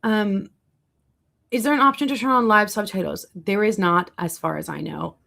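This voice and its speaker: A young woman talks casually through a home livestream, rambling from one aside to the next. Her voice has a gravelly, fried edge at an ordinary middle pitch, picked up by a desk mic. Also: bright, forceful tone. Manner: chatty, rambling, quick asides to chat. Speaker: livestreaming content creator.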